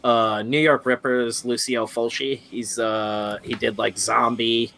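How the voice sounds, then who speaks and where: A man's voice: medium pitch, flat delivery, takes it slowly, gravelly, fairly bright tone, a little hiss or hum. A man hosting a podcast in casual chat, rambling and filling his talk with "like" and "uh". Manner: rambling, fills speech with "like" and "uh". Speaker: podcast host.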